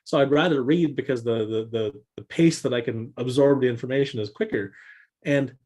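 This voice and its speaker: A man co-hosting a casual business chat, telling stories with animated swings in pitch and often repeating words as he thinks. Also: brisk. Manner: animated storyteller, jumps in pitch for quoted voices. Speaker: podcast co-host.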